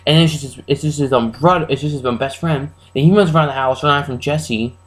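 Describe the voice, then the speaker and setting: A man giving a casual, rambling, spoiler-heavy recap of a horror film as a reviewer, excitable and full of restarts. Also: mid-range voice, quick pace, poor audio.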